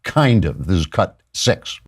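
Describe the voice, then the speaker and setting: A man hosting a political talk show, delivering fast, argumentative commentary and breaking into laughter mid-sentence. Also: deep voice, very animated, breathy edge. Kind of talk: opinionated commentary.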